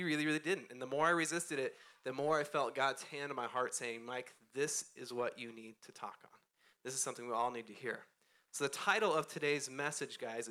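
A man's voice: medium pitch, bright, forceful tone. A man in his thirties preaching a casual, conversational sermon on a church stage, speaking close into a microphone, self-deprecating and often laughing as he talks. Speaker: pastor. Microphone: close handheld or stand microphone.

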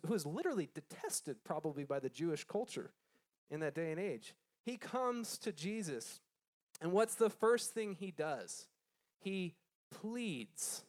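His voice is high but darkish in tone as he teaches a Bible lesson to a group. After reading scripture aloud, he explains it in a conversational way, quizzes the listeners, and restarts his sentences often.

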